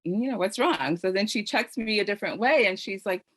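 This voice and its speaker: A woman's voice: medium pitch, expressive, brisk, a bit bright, no room sound. A middle-aged woman hosting a virtual panel, telling her own story in an earnest, heartfelt way full of "you know" fillers, over a video call microphone. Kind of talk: personal testimony on a virtual panel.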